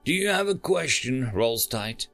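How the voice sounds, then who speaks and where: Formal, literal alien woman, read by a man, pitched high, earnest and precise. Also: sing-song, unhurried, gravelly, fairly bright tone, soft background music, exaggerated voice. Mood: unsettled. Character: formal, precise female alien crew member.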